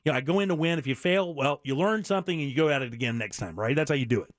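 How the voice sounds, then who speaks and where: A man's voice: a little high, very fast, no room sound, studio quality. A middle-aged man hosting a radio show, talking earnestly and bluntly with many restarts. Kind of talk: candid talk radio monologue.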